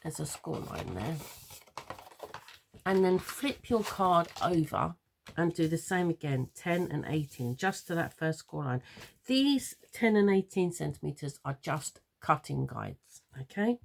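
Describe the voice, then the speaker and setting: A woman's voice: low-pitched, animated, a little slow, vocal fry. An English woman with a chatty, rambling way of talking, giving a casual craft tutorial from her craft room at home. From London. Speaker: papercraft tutor.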